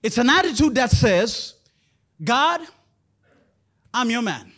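A man preaching a sermon in church as pastor, moving between loud shouted lines and quiet, low passages. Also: big pitch swings, takes it slowly.

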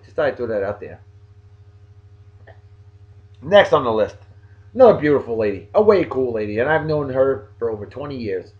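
A man's voice: mid-range voice, a little mellow, muffled recording. A man with a New England accent hosting a casual video blog, joking as he talks straight to his viewers. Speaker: vlog host giving shout-outs.

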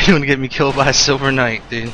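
A man's voice: mid-range voice, steady tone, quick pace, a little hiss or hum. A man streaming a video game, swearing and talking trash at an opponent. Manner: loud whooping and swearing, then trash talk. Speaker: gaming streamer. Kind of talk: live gameplay commentary.

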